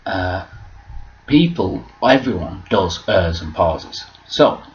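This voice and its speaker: A man's voice: deep voice, lively intonation, takes it slowly, lo-fi sound. A man rambling through a sweary vlog monologue and losing his train of thought. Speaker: vlogger.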